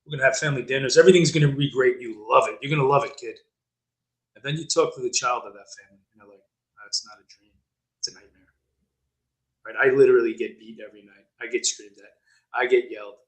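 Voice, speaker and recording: Man, podcast co-host, relaxed, easygoing, casual chat. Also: mid-range voice, fast, rough recording.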